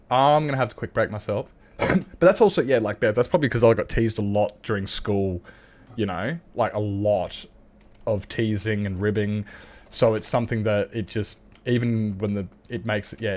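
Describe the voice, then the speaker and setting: A man's voice: on the low side, normal speed, darkish tone. An Australian man chatting casually and candidly as a livestreamer while gaming, swearing freely and laughing often.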